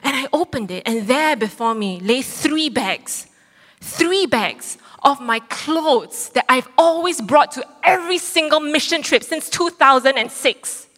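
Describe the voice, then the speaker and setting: A woman in her thirties preaching, telling a personal story with lively acted-out quotes. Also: high voice, measured pace. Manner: animated storytelling, acts out quotes. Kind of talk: sermon testimony. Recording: long hall reverb.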